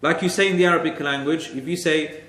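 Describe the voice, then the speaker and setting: A man's voice: fairly high pitch, fairly even intonation, quick pace, fairly bright tone, roomy sound. A man teaching a Quran exegesis class, explaining Arabic grammar step by step and repeating key phrases for emphasis.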